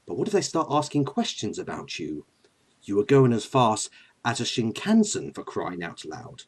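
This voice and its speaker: A man voicing a vain, smug male trickster god with an English accent, speaking low and smooth. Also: darkish tone. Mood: reading. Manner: low, smooth, self-satisfied.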